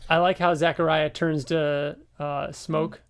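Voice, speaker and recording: A man's voice: fairly high pitch, flat delivery, smooth. A man hosting a podcast, casually recapping a comic book story with lots of fillers. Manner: rambling recaps with fillers and quick laughs. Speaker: podcast host.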